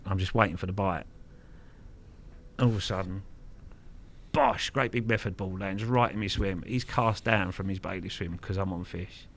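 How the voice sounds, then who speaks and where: A middle-aged man recounts stories in a casual interview. He is frank and earthy, swears without fuss, and often restarts his sentences. His voice sits slightly low. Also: moderate pace, gravelly, a bit bright. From Kent, England. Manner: frank, earthy, swears freely, repeats words. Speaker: guest angler.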